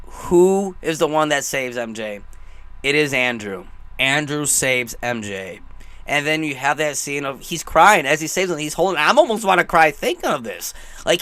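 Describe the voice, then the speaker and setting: Bright, gushing young man reviewing films. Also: fairly high pitch, no room sound. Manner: gushing, rambling, emotional. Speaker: movie reviewer. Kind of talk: excited casual movie review.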